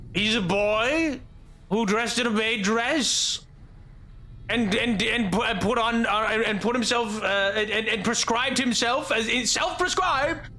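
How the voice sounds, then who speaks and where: A young man streaming a game live, rambling and excitable, laughing often. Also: high-pitched.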